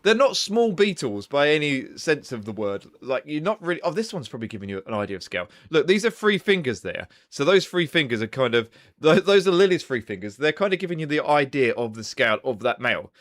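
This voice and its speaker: A young man talks to his live-stream viewers in a loose, rambling way and swears casually. His voice sits a bit high for a man. His pitch jumps up and down a lot. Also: big pitch swings, a little fast, a bit bright. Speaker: livestream host.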